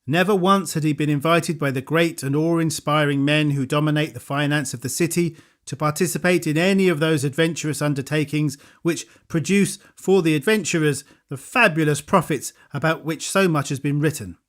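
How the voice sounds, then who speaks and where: A man narrating an audiobook thriller in a measured, even storytelling delivery. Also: a little high. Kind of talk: scripted narration.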